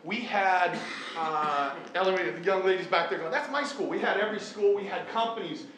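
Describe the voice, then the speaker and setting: A man's voice: high voice, fairly quick. A middle-aged man, a teacher, tells a personal story to a live audience in an earnest, self-deprecating way. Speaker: teacher and event speaker. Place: large echoey hall. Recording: echoey hall, faint room noise.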